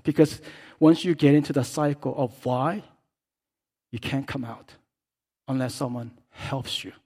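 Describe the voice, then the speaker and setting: A man preaching a sermon as pastor, swinging between hushed, quiet stretches and loud, impassioned calls. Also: mid-range voice, unhurried, husky.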